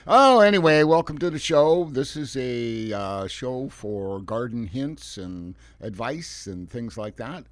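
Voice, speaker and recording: A man hosting a local radio garden show talks in a folksy, rambling way. He chuckles often and restarts his sentences, and his voice sits a little on the low side. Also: no room sound. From Oregon. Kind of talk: casual radio talk show chat.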